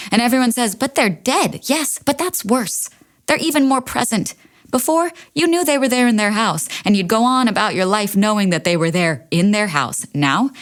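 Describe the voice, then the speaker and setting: Recorded in a studio, a woman with a mid-range voice performs a staged reading of a play as a monologue. She sounds wry and anxious, shifting between brisk lists and hushed, confessional passages.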